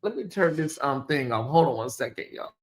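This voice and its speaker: A man hosting a casual live-stream commentary, chatty and animated, often calling out to viewers. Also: medium pitch, brisk. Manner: animated, chatty, laughs and addresses viewers as y'all. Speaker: commentary channel host.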